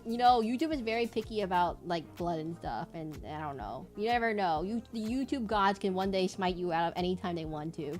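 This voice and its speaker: A woman's voice: mid-range voice, expressive, a little fast, faint music behind. A young woman VTuber chatting casually on a live stream while she draws, rambling playfully and repeating her words. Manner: rambling and playful, repeats words, hums and does silly bird noises.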